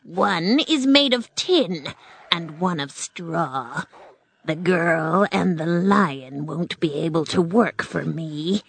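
A woman voicing a cruel, furious old witch in a storybook reading, giving slow, drawn-out commands. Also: on the low side, lively intonation, gravelly, husky, exaggerated voice. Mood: cold.

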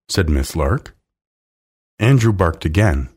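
A man reading a children's story aloud in a slow, deliberate, expressive way. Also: low-pitched, husky. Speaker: narrator.

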